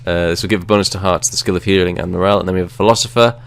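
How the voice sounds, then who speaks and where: A man's voice: sits low, steady tone, racing, vocal fry. A man casually chatting while playing a video game and reading its text aloud. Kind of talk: casual gaming chat.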